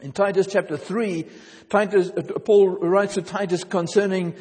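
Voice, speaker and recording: A man preaching in a high, light voice, earnest and emphatic, leaning on repeated phrases. The sound rings with the long reverb of a church hall. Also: steady tone, moderate pace, darkish tone. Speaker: pastor. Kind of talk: sermon.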